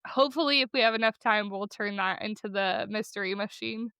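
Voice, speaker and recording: A woman's voice: mid-range voice, fairly quick, bright, forceful tone, smooth, no room sound. A woman co-hosting a podcast in casual chat, chatty and enthusiastic, laughing easily. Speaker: podcast co-host.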